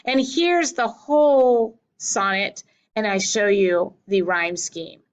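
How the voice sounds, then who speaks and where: A woman teacher giving a slow, deliberate lesson over slides, correcting herself now and then. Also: medium pitch, animated, poor audio. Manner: slow, deliberate explaining with small self-corrections.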